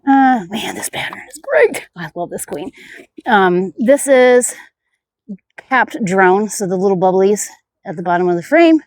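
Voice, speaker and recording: A woman's voice: mid-range voice, a little mellow, dry recording. A woman beekeeper narrating her hive inspection outdoors in a casual, chatty way, muttering asides to herself and talking to her bees. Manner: talks to the bees. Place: outdoors by a beehive.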